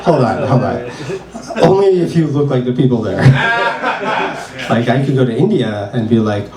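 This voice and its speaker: Deadpan young comic in a roomy club. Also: male voice, a little slow. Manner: deadpan, dark-humored, with sudden jumps in pitch. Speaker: stand-up comedian. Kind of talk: stand-up comedy set. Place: small club stage. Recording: roomy live club from a distance with crowd. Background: audience laughter.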